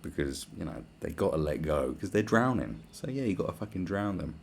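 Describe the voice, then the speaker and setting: A man with a very deep, gravelly voice rants alone on his podcast, crude and blunt. His talk rambles and turns sarcastic. A faint hiss of noise sits under the voice. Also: sing-song, a little fast, darkish tone. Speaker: podcast host. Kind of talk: profane solo rant.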